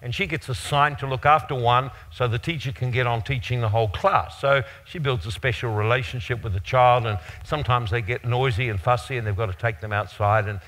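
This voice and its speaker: An older man preaching, telling a personal story in an animated, rambling way. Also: medium pitch, a little fast, few pauses. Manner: animated anecdotal storytelling with restarts. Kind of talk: storytelling sermon.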